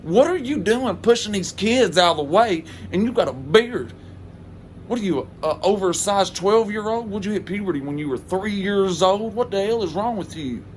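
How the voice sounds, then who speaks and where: This is an indignant neighbor handing out candy, played by a man in a comedy story. He stacks up mocking questions in a quick, scolding rhythm. His voice sits on the high side. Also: animated, slight background noise. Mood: outraged. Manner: scolding rapid-fire insults.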